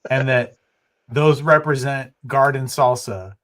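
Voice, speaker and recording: A man's voice: medium pitch, slow. A man co-hosting a podcast in casual chat, telling anecdotes and acting out the quotes. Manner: animated storyteller acting out quotes. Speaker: podcast co-host.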